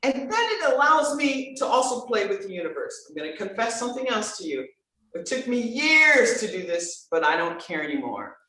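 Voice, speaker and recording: Animated woman voice coach, very echoey. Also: on the high side, moderate pace. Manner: animated, emphatic, swings between bright exclamations and soft earnest asides. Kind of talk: enthusiastic conversational podcast talk. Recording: very echoey room.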